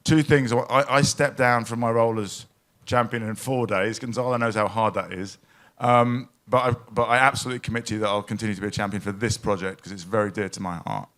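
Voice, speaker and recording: A man giving an emotional, anecdotal speech at a live event in a pavilion, full of restarts and halting asides. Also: fairly low pitch, fairly even intonation, a bit bright. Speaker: panel speaker at a climate event.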